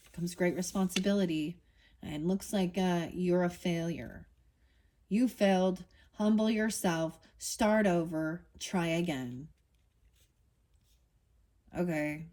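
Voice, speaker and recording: A woman's voice: fairly low pitch, warm tone. A woman giving a casual tarot reading, talking bluntly and getting heated, with swearing and many restarts. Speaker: tarot reader.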